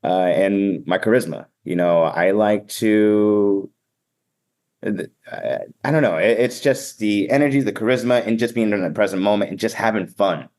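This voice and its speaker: Energetic man with a Boston accent. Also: on the low side, moderate pace. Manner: energetic, upbeat and sometimes blunt. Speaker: event emcee and keynote speaker. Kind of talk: casual podcast interview.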